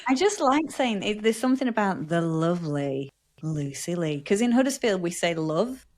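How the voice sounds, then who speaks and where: A woman's voice: mid-range voice, big pitch swings, normal speed. A woman from Yorkshire with a Yorkshire accent, co-hosting a podcast in a bubbly, playful chat. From Yorkshire, England. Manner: bubbly, playful, mimics voices. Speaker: podcast co-host. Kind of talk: casual chat.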